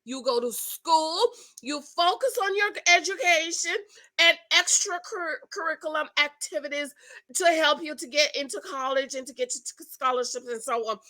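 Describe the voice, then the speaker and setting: A woman with a bright, forceful voice talks straight to her viewers in a casual commentary. She is expressive and emotional, jumping from loud excitement to quiet asides. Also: sits high, normal speed, low-quality recording. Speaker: vlogger reviewing a reality show.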